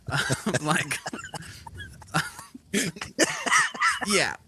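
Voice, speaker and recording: A man's voice: a little high, extremely slow, heavy background noise. A man co-hosting a comedy podcast, telling rambling stories in casual chat with lots of fillers. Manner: rambling, animated storyteller with many fillers. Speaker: podcast co-host.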